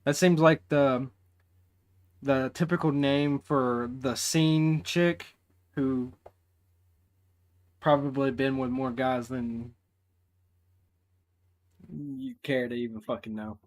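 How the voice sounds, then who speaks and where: A man's voice: mid-range voice, fairly even intonation, takes it slowly, pauses often. A man hosting a reaction video, talking in blunt, mocking, heavily sworn casual commentary and laughing at the clips.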